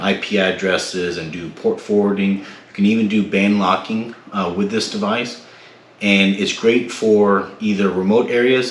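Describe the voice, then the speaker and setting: Low-voiced man unboxing tech. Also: echoey room, slight background noise. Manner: relaxed, many fillers and restarts. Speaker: tech channel host. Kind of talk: casual product unboxing. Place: home room.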